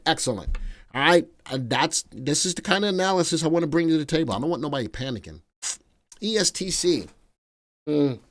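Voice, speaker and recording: A middle-aged man hosting a live stock market stream, chatting energetically and playfully with viewers, even breaking into song. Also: on the high side. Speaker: stock market analyst host.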